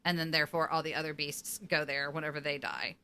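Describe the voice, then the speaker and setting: A young woman co-host with a bright, crisp voice retells a TV episode in a loose, chatty way. She is lively and quick to laugh, and swears casually. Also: low voice. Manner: animated, laughing, profane. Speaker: podcast co-host. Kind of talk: casual recap chat.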